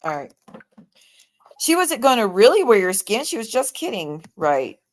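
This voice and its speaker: A woman's voice: a little high, sing-song, normal speed. Heated, profane woman ranting on a livestream. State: tired. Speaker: livestream host. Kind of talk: angry livestream rant.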